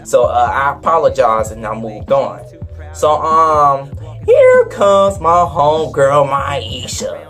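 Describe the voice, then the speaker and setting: Young man, slangy storyteller, mid pitch, soft music underneath. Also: huge pitch swings, takes it slowly. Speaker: vlogger. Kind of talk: storytime vlog.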